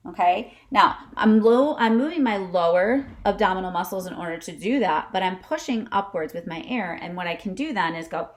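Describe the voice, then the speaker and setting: A woman gives an instrumental lesson to camera, chatting away, frequently checking in with "okay?" and showing breath kicks with short huffs. Her medium-pitched voice is expressive, at a moderate pace with hardly any pauses.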